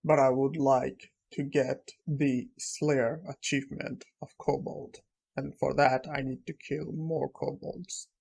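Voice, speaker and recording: A man's voice: mid-range voice, little pitch movement, slow pace, gravelly, darkish tone, breathy edge, full character voice. A man voicing a cold, arrogant young male necromancer in a storybook-style recap, curt and dismissive.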